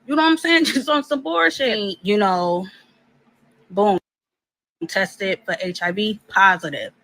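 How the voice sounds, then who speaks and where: A woman's voice: medium pitch, a little slow, pushed and bright, rough recording. A woman telling a personal story in a casual way, blunt and profane, acting out both sides of the dialogue.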